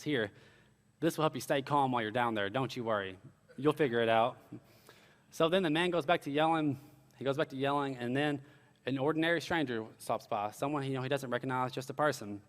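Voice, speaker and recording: Young pastor in a big hall. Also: male voice, medium pitch. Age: young adult. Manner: earnest storytelling with casual asides. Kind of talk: sermon.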